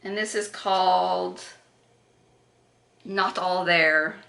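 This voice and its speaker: A woman's voice: fairly low pitch, fairly even intonation, extremely slow, gravelly, pushed and bright. A woman doing a casual makeup unboxing, chatty and gushing, with gasps and self-corrections. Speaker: beauty vlogger. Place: echoey room. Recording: roomy echo.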